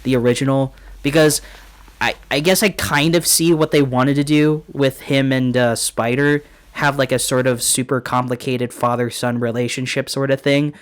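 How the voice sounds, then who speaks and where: A young man co-hosting a podcast, chatting casually about films in an animated way, full of fillers and swearing. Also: mid-range voice, normal speed. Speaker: podcast co-host. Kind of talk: casual film review chat.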